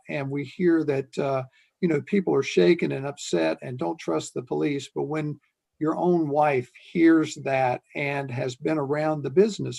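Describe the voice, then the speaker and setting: An older man, a retired police chief, telling a story in an earnest, unhurried way as an interview guest. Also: a little high, vocal fry, a little mellow.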